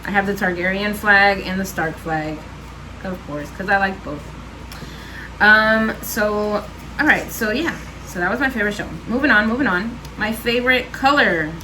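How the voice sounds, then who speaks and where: A woman's voice: medium pitch, normal speed, sharp tone, a little hiss or hum, poor audio. A woman chatting casually on her home vlog, answering questions with lots of fillers and laughs. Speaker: vlogger. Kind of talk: casual chat.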